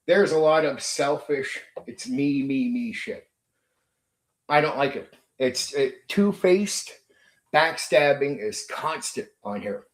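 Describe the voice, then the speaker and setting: A man's voice: medium pitch, lively intonation, takes it slowly. A man hosting his own channel, ranting unscripted in an aggrieved, repetitive, emphatic way, swearing and repeating his points. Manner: mimics rivals in sneering quoted voices. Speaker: channel host. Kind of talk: unscripted monologue rant.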